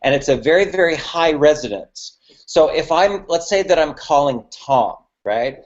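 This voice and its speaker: A business mentor with a slightly high, animated voice teaches business networking at normal speed in a coaching webinar, muffled on the recording. He is emphatic and checks in after nearly every point, repeating "okay" and "right" to his audience.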